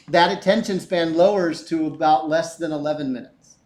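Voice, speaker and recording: Middle-aged male teacher, high voice, lively classroom lecture, echoey room. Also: fast, hardly any pauses. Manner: animated, chatty, asks rhetorical questions.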